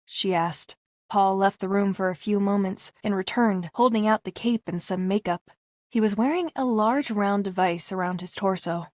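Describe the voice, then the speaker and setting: A woman's voice: mid-range voice, steady tone, normal speed, darkish tone, no echo. Woman narrating an audiobook, dry close sound. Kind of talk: scripted narration.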